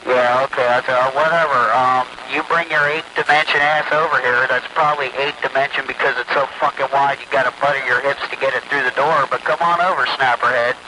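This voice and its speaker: A man's voice: medium pitch, fairly even intonation, fairly quick, hardly any pauses. A man trading profane, taunting insults with other callers on a radio channel. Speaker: CB radio user. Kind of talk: trash-talking radio banter. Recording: noisy radio transmission.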